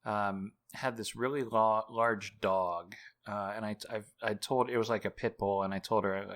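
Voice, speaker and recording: A man's voice: lowish voice, fairly even intonation, normal speed, hardly any pauses, a bit bright. A man being interviewed as an author and journalist, telling a long story in a rambling, self-mocking way full of fillers and restarts.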